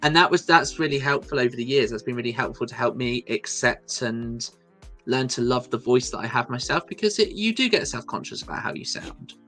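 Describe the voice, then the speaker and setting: A male stream host chats casually in a soft, calming voice, wandering from thought to thought and breaking into laughter. Faint music plays quietly underneath. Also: medium pitch, fairly quick. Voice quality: soft, soothing voice. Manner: chatty, rambling, laughs often. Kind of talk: casual chat.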